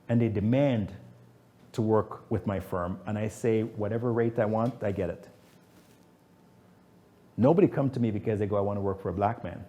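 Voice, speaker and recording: A man's voice: on the low side, mellow. A man, a business founder speaking as guest at a fireside chat, telling stories emphatically and acting out quotes.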